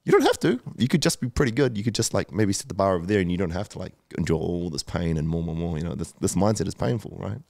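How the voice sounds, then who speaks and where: A man's voice: sits low, very animated, fast, vocal fry, few pauses, a little mellow, no echo, studio quality. A man in his thirties, a podcast guest, telling his story candidly and emotionally, with lots of swearing, fillers and restarts. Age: 30s.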